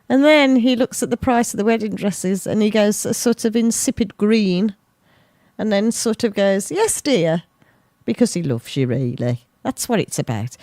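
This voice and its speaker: A woman's voice: mid-range voice, no room sound. A woman, presenting a local radio show in a rambling, chatty way, interrupting herself with asides. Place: radio studio. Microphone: studio microphone.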